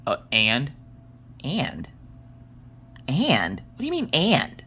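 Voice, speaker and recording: A woman putting on her adult husband's voice, playing him as incredulous and protesting in a squeaky, disbelieving tone during a casual vlog. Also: wildly swooping pitch, slow pace, sharp tone, slightly rough, full character voice. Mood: baffled.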